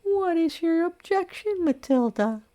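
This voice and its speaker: A woman's voice: very high voice, expressive, unhurried, warm tone, voice pushed up. A woman reading an audiobook, voicing a prim, disapproving older woman who sharply objects to her friend's marriage. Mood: bitter.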